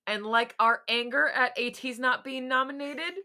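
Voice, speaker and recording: A woman's voice: sits high, steady tone, moderate pace, sharp tone. A young woman co-hosting a podcast in casual chat, giggly and joking. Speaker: podcast co-host.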